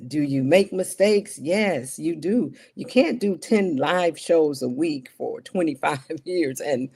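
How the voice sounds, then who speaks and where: A woman's voice: low voice, slow, dark tone, husky. A middle-aged woman, a television broadcast journalist, talking in an interview in an earnest, emphatic way that repeats its key points. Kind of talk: interview conversation.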